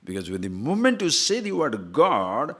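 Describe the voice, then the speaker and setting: A man's voice: medium pitch, wildly swooping pitch, normal speed, fairly bright tone, husky. A man, a spiritual teacher, giving a discourse. He tells stories with chuckles and asks his listeners questions. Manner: storytelling, chuckling, rhetorical questions.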